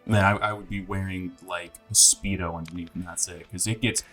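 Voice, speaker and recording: A man's voice: sits low, fairly even intonation, a little fast, bright, forceful tone, faint music behind. A man co-hosting a podcast, laid-back and joking in casual chat. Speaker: podcast co-host.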